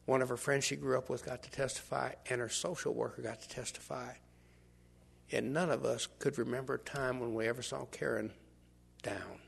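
An older man preaching a sermon, shifting from hushed asides to shouts as he acts out scenes. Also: mid-range voice, moderate pace, creaky, husky. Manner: animated, swings from hushed to shouting, acts out bystanders.

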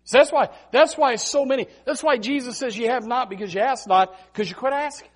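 High-voiced guy preaching a sermon, animated, repeats himself a lot. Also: a little fast. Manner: animated storytelling, repeats words. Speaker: pastor.

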